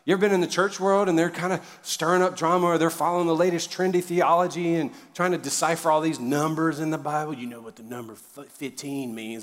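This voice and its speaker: Joking pastor preaching in a reverberant hall. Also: male voice, fairly high pitch, fairly quick, hardly any pauses. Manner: joking, conversational preaching with sudden loud emphasis. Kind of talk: sermon. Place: church auditorium.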